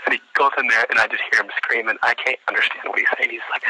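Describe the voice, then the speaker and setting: A young man telling an animated casual anecdote, with frequent restarts and acted-out quotes. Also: medium pitch, fast talker, slightly rough, rough recording. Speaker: storyteller.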